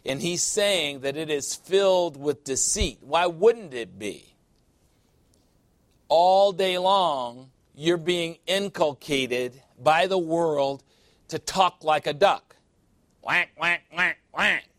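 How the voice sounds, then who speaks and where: Guy preaching a sermon, kinda high voice, punchy and playful, dry close sound. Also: lively intonation, takes it slowly, no room sound. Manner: emphatic, with sudden sassy asides.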